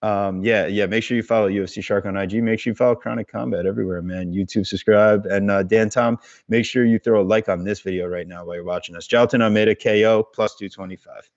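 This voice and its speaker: A man with a fairly low voice talks casually as a podcast guest, relaxed and joking. His audio comes through dull and lo-fi, like a remote feed. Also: fast, hardly any pauses. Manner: laid-back, joking, short agreeing replies.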